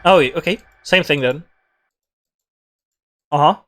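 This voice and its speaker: A man reading a game's story text aloud and breaking off for quick reactions and asides. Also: a little high, a bit bright. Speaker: gamer reading a visual novel aloud.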